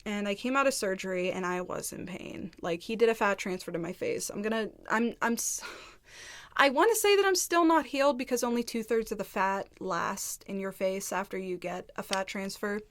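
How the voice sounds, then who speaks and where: A woman's voice: mid-range voice, moderate pace, a bit bright. A woman telling a candid storytime to camera in casual chat, rambling and peppered with "like". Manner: candid, rambling, heavy use of "like". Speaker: vlogger. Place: indoors, seated at home.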